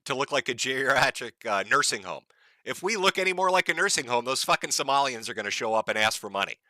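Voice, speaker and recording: Sarcastic guy ranting commentary, lively swoopy pitch, mocking, super bright tone. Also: quick pace, no room sound. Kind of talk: profane mocking video commentary.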